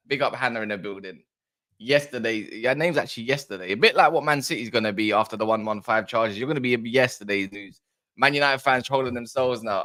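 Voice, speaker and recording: A man hosting a casual football fan live chat, excitable and rambling, bantering with viewers' comments. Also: medium pitch. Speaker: football fan livestream host.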